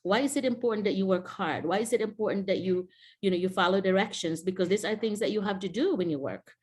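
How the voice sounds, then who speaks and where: A middle-aged woman with a Filipino accent talks casually to other teachers on a video call. She tells classroom stories, slips into quoting students and parents, and laughs along the way. Her pitch sits in an everyday middle range. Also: quick pace, a little mellow. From Philippines. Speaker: teacher mentor. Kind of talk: casual Zoom talk to teachers.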